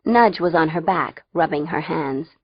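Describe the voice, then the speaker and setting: A woman's voice: low voice, unhurried, husky, no room sound, muffled recording. A woman narrating a first-person audiobook in a wry, conversational way.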